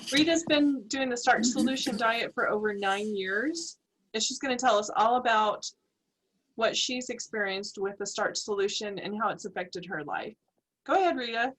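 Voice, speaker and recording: Breathy woman hosting an interview. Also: on the high side, normal speed, a bit bright, low-quality recording. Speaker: interview host. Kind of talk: casual interview.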